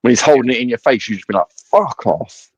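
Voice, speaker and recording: A man's voice: mid-range voice, racing, slightly rough, no echo, muffled recording. A man co-hosting a live stream, chatting in an easygoing way and swearing casually.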